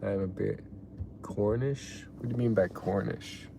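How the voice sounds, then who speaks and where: A man with a low, gravelly voice chats casually on a live stream, answering viewers in a relaxed, meandering way. Faint noise hums behind him. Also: measured pace. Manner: laid-back, trails off, reacts loudly to donations. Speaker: live streamer reading chat.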